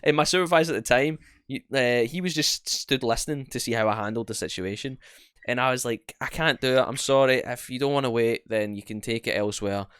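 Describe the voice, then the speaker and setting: A young man, co-hosting a podcast and telling animated, sweary stories, acting out both sides of each exchange. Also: mid-range voice, brisk, smooth, dry recording, studio quality. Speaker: podcast co-host. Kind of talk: casual storytelling chat.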